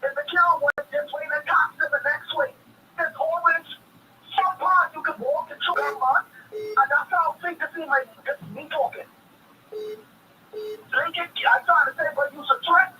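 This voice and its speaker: A heated Bahamian man calling in to a radio show, his high, bright voice repeating himself as he rants. He sounds far from the mic over a faint hiss. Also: moderate pace. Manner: heated, repetitive, street-talking. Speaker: caller. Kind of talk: impassioned call-in rant.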